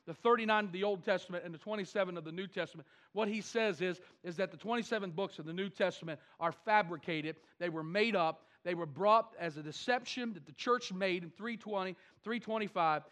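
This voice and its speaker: A man preaching a sermon to his church, animated and with wry asides. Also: high-pitched. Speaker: pastor.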